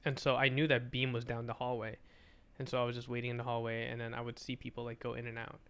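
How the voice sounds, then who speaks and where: Smooth-voiced young man telling a story. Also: mid-range voice, quick pace. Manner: swears often, animated, acts out dialogue. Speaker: podcast guest. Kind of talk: casual storytelling.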